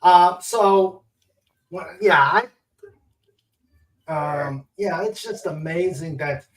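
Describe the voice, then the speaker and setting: A man hosting a casual podcast chat, halting and searching for words. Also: a little high. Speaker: host. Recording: roomy, distant mic.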